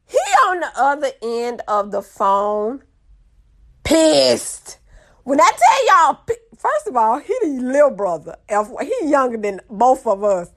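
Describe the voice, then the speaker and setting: A young woman, telling a funny story to her viewers in a lively, casual way. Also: high voice, takes it slowly. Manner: animated, drawling, addresses audience as y'all.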